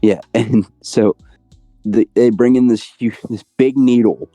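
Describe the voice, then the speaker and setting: A man co-hosting a casual chat, telling a story in a hesitant, deadpan way. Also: mid-range voice, unhurried, faint music behind. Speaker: co-host.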